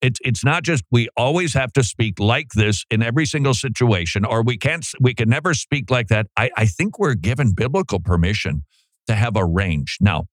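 A man hosting a talk show, speaking in a lively, animated way and slipping into voices when he quotes. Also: medium pitch, moderate pace, no room sound, clean studio sound. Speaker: podcast host. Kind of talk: casual commentary.

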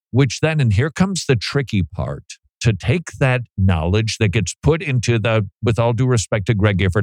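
A man's voice: medium pitch, no echo, studio quality. A man hosting a talk radio show, chatting casually with joking, self-deprecating asides.

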